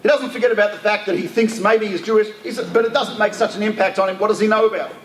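A man's voice: high voice, fairly even intonation, quick pace. A man telling a story in a lecture, talking casually with asides and restarts. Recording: echoey room with faint ambient noise.

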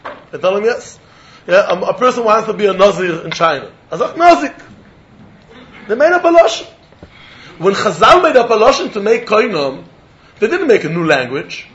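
Animated high-voiced man giving a Talmud lecture. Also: brisk. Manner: animated, mixes English with Yiddish and Hebrew terms; laughs often while explaining. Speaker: Talmud teacher. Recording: dull lo-fi recording.

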